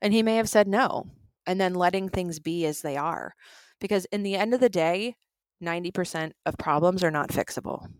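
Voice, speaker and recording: A woman's voice: on the low side, normal speed, no room sound. A woman who talks casually through relationship advice and acts out the lines of quarrels. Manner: animated, acts out quoted lines. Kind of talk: conversational explaining.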